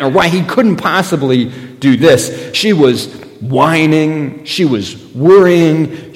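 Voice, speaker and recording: A man preaching a sermon in a church, his middle-pitched voice ringing out with a long hall reverb. He talks conversationally, weaving in everyday stories and lifting his voice for emphasis. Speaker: pastor.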